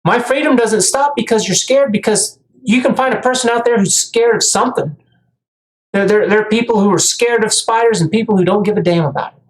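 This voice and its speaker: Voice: mid-range voice, fairly quick. A heated commentator rants straight to the viewer in a monologue, tripping over and repeating words as the points pile up. The voice sits in a mid range and rings in a roomy, echoey space. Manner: heated, stammering restarts. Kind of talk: ranting monologue. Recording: echoey room.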